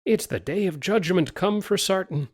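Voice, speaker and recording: A man voicing a big, bold young Irish sailor who speaks up loudly. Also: on the high side, sing-song, normal speed, voice pushed up. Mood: terrified.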